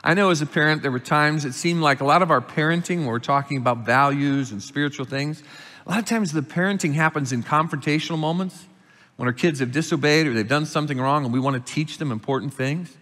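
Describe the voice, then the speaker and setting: Pastor preaching in a reverberant church. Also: male voice, quick pace. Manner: explains scripture calmly, rises in pitch and volume reading verses. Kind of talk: sermon. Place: church sanctuary.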